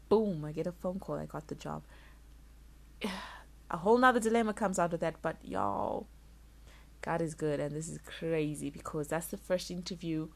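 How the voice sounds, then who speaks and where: A woman's voice: fairly low pitch, vocal fry. Emotional young woman telling her story. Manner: emotional, candid, animated storytelling with quick bursts. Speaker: vlogger. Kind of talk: casual vlog monologue.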